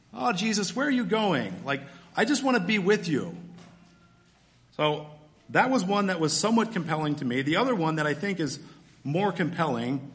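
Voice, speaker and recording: A man preaching a sermon, teaching through a scripture passage step by step in a relaxed, conversational way. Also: on the high side. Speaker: pastor.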